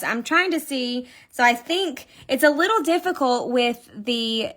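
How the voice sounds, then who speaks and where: Her voice a little high and fairly bright, a Kentucky-accented woman leads a livestreamed crochet class. She keeps it chatty and casual, giggling and sharing stories as she goes.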